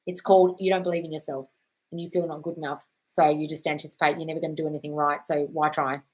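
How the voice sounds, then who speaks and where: A woman hosts a live question-and-answer stream, giving advice in a slightly low voice. She talks frankly and directly, with plenty of swearing. She calls her viewers darling. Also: little pitch movement, fast talker, poor audio.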